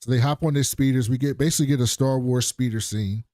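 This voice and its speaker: A man's voice: mid-range voice, steady tone, dark tone, dry recording, clean studio sound. Slangy man casually recapping an episode. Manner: slangy, profane, acts out characters' lines in quick voices. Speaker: podcast co-host recapping a TV episode.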